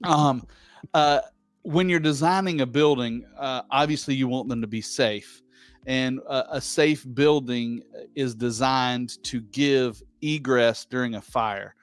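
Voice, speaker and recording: A man hosting a casual chat, joking around and reading out a listener's question slowly with many pauses. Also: medium pitch, clear, resonant tone, no echo. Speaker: host.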